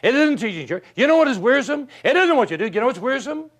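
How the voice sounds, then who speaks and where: An older man delivers a motivational talk in a high-pitched voice. He is animated and folksy, and he uses rhetorical questions, stories and chuckles to keep his listeners engaged. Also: quick pace. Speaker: motivational speaker. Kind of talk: motivational speech to an audience.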